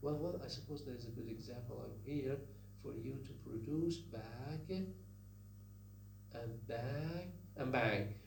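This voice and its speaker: A man's voice: mid-range voice, moderate pace, vocal fry, mellow, distant mic. A man teaching phonetics in a recorded lecture, repeating sounds and words and asking the listeners questions. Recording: echoey room with faint hum.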